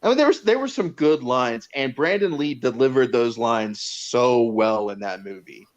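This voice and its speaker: A man's voice: medium pitch, lively intonation, moderate pace. A man co-hosting a casual movie review, retelling scenes in a rambling way with many fillers and restarts. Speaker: podcast co-host reviewing a movie. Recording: dull lo-fi sound.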